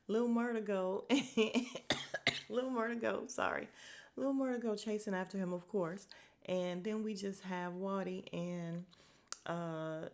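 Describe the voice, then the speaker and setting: A woman hosting a podcast, recapping a TV episode in a chatty, frank way, laughing and swearing as she goes. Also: lowish voice. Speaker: podcast host.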